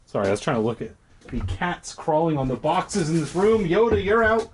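Give me a man with a husky voice reading a children's horror story aloud, lively pitch, with crude sarcastic asides. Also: a little fast. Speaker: reader.

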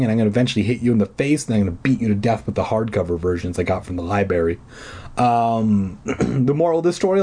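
A man with a medium-pitched, dark-toned voice reads a children's horror book aloud, then drifts into casual chat that is crude, sarcastic, and rambling.

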